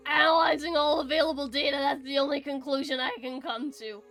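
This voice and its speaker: A woman's voice: high-pitched, little pitch movement, a little fast, fairly bright tone, faint music behind. A woman voicing a polite analytical AI program. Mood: earnest. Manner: formal, analytical. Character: soft polite female AI program. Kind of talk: reading game dialogue aloud.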